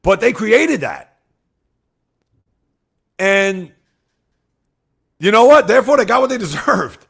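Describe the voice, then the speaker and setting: A man runs a casual sports livestream and talks straight to his chat. His voice sits a little high with a gravelly edge. He swings between loud outbursts and quiet asides. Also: very animated, slow, pauses often. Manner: talks straight to chat, reads out viewer comments.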